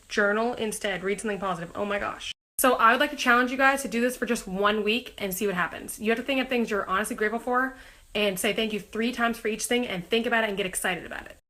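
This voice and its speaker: Young woman, fast-paced, bright voice, chatty and bubbly, a little under the weather, phone held at arm's length. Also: medium pitch. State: recovering from being sick. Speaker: singer talking to fans. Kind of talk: casual selfie vlog.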